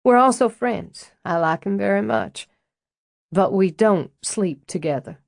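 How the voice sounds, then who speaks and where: A woman's voice: medium pitch, animated, a little slow, creaky, dry recording, studio quality. A woman voicing Roz, a frank, wry and elegant older estate owner with a Southern accent, in an audiobook reading. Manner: blunt and dryly amused.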